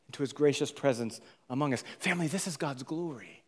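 A male pastor preaching a sermon, moving between loud, urgent emphasis and hushed, whispered tenderness. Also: mid-range voice, a little fast, few pauses, husky. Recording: long hall reverb.

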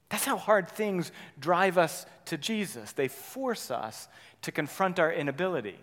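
A man preaching a sermon, swinging between loud urgent passages and quiet, intimate ones, often checking in with "right?". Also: a little high, expressive, unhurried, in a large hall. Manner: dynamic preaching, rising loud then dropping soft, frequent "right?". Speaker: pastor.

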